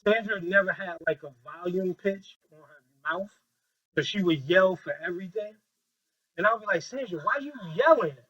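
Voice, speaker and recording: A man leading a training workshop with a group, talking in a lively, joking way and acting out quoted voices on a handheld mic. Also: high voice, normal speed, low-quality recording.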